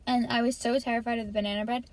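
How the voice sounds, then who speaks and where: A woman's voice: a little high, little pitch movement, racing. A young woman hosting her podcast from her parked car, talking in a rambling, easily distracted way and swearing freely. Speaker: podcast host. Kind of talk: casual rambling chat.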